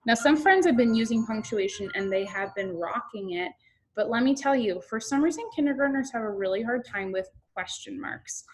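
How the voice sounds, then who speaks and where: A young woman teaching kindergartners in an online class, talking in an animated, expressive teacher voice. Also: fairly high pitch, moderate pace.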